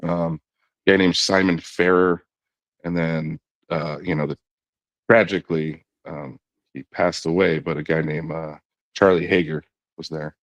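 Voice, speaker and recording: With a very low, deep voice and a slightly slow delivery, a middle-aged ex-knuckleball pitcher rambles through a long story as a laid-back podcast guest. He mimics what others said and keeps saying "you know." The sound is close, dry, and muffled, with no room sound.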